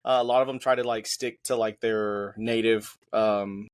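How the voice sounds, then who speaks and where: A man's voice: lowish voice, steady tone, normal speed. A man co-hosting a podcast, talking in a laid-back, slangy, joking way. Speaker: podcast co-host. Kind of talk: casual chat.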